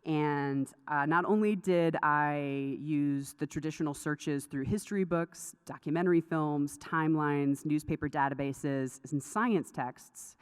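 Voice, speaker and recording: A woman delivers a conference lecture in a low voice. She talks in a chatty way, breaking off into asides and laughing at herself. Her voice carries through a hall with a long reverb. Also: fairly even intonation, unhurried, hardly any pauses, clean tone.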